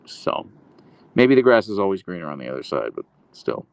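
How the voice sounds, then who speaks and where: A man chatting on a livestream, swinging from low murmurs into high, sing-song baby talk aimed at his dog. His voice has a gravelly fry, recorded close and dry on a handheld phone. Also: big pitch swings, fairly quick, dry recording. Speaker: livestream host. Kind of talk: casual livestream chat with pet. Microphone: handheld phone camera.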